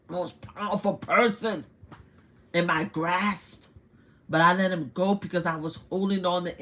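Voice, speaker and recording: An older woman with a New York accent, hosting a live stream and giving blunt, animated political commentary full of rhetorical questions. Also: lowish voice. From United States.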